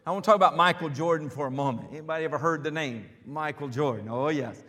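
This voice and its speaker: A man's voice: a little high, fast talker, sharp tone. A man pastor preaching a sermon, building with fervor and calling out to the congregation. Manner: preaching with rising fervor, calls and responses. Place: church sanctuary. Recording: long hall reverb.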